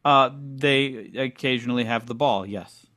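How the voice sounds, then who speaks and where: A man's voice: mid-range voice, measured pace, sharp tone, no echo, studio quality. A man co-hosting a casual comedy podcast over a video call, patiently pushing back as the skeptical straight man. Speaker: podcast co-host.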